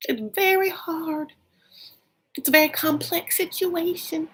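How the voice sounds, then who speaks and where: Woman doing a breathy Southern churchgoing mom. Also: fairly even intonation, a little slow, fairly bright tone. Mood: lamenting. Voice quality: breathy, high and sing-song. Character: fretting Southern Christian mother, breathy and pleading.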